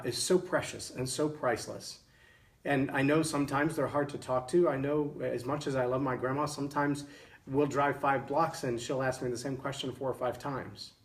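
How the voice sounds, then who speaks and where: A man's voice: medium pitch, far from the mic. A middle-aged man from Texas, hosting a motivational talk and telling a story in an earnest way, often restarting his words. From Texas, USA. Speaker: show host giving leadership lessons.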